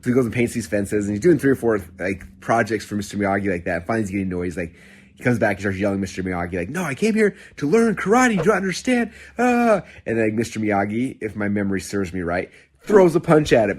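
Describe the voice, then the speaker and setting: Fast-talking husky man telling a story. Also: lowish voice. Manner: excited, rambling, full of "like" and restarts. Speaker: podcast host. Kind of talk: casual storytelling monologue.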